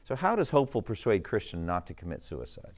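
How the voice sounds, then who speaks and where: A man's voice: fairly low pitch, very animated, fast. A man teaching a class, reading an old text aloud with emphatic swells, then stopping to ask questions and explain it.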